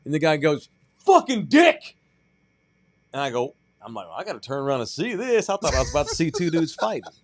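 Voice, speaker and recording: A man trades casual banter on a sports radio show. His slightly high voice swings up and down as he acts out whoever he is talking about. The sound is dry and close. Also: very fast, hardly any pauses, no room sound. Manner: animated storyteller, acts out shouted quotes.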